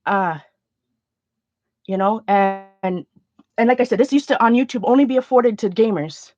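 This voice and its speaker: A woman hosting an art channel, talking casually to her viewers in a halting, emotional way, close to tears. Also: fairly high pitch, a little mellow, highs cut off. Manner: emotional, halting, many restarts. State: near tears. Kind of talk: casual livestream chat to viewers.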